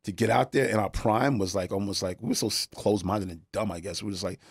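A man's voice: fairly low pitch, quick pace, vocal fry, slightly rough, dry recording, studio quality. A middle-aged man from New York, telling stories in a casual chat, swearing freely and acting out the voices of the people in them. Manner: animated, swears freely, acts out voices in anecdotes. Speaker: guest, skateboarder.

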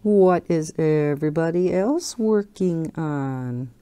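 A woman's voice: sits low, takes it slowly, warm tone, clean tone. A woman hosting a coloring channel, chatting casually and rambling, often breaking into laughter. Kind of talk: casual chat while coloring.

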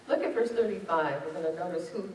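A woman pastor preaching a sermon, reading scripture aloud and driving points home with rising emphasis. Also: on the low side. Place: church sanctuary. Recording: echoey church from a distance.

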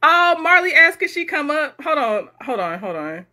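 A woman hosting a casual live stream, reading viewer comments aloud and reacting with animated chatter and frequent laughter. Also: high voice, moderate pace.

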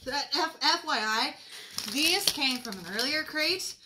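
A woman's voice: high-pitched, unhurried, background noise. A woman joining a casual snack-tasting video, chatty and joking about the flavors.

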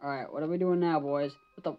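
A woman's voice: sits low, fairly even intonation, racing, soft background music. A woman gamer giving live gaming commentary, jumpy, swearing and shrieking at scares, on a slightly dull lo-fi mic.

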